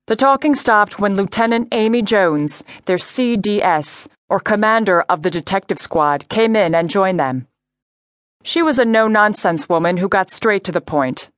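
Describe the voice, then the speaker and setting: A woman narrating a crime story audiobook in a clear, measured reading voice. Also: mid-range voice, no echo, studio quality. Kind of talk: scripted narration.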